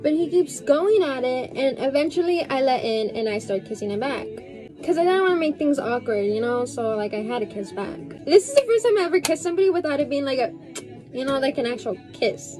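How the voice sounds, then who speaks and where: A woman's voice: sits high, lively intonation, brisk, over music. A young woman casually telling a story while getting ready, chatty, filling her talk with "like" and frequent swearing. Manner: chatty, heavy use of "like" and swearing.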